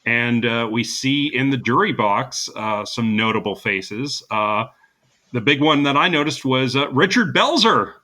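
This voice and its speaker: A podcast co-host with a mid-range voice speaks at a measured pace with lively intonation and a bright, forceful tone. He recaps a comedy show in casual conversation, chatty and laughing often, with frequent fillers.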